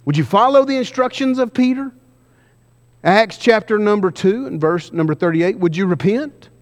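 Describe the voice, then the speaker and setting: A man preaching a sermon, pressing the congregation with repeated questions and slowing down for emphasis. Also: high voice, lively intonation. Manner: emphatic, questioning the congregation, varying pace widely. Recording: long hall reverb.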